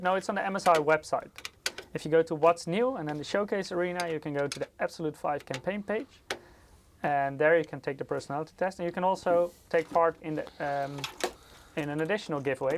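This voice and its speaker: A man co-hosting a casual livestream, reading chat questions aloud and answering them at an easy pace. He laughs often and teases his partner. A faint hiss sits under his voice. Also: a little high. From Europe.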